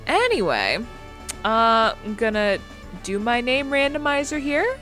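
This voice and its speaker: A woman's voice: fairly high pitch, sing-song, a little slow, fairly bright tone, soft background music. A woman giving casual, rambling commentary as she plays through a video game. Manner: chatty, rambling, lots of fillers. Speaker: video game let's player.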